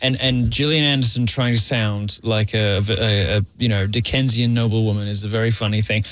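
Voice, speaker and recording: A man's voice: lowish voice, fairly even intonation, a little fast, fairly bright tone, clear, resonant tone, dry recording. Arch English man with a dry studio sound. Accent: English received pronunciation, partly Americanized. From England. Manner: arch, playful, many ums and restarts. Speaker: studio guest. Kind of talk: casual radio interview talk. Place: radio studio. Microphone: studio microphone.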